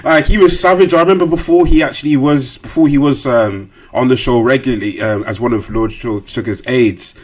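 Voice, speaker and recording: A man's voice: mid-range voice, fairly quick, hardly any pauses. A man hosting a podcast, chatting casually with lots of slang and loose restarts. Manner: relaxed, full of fillers and slang, hesitant restarts. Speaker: podcast host. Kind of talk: casual interview chat.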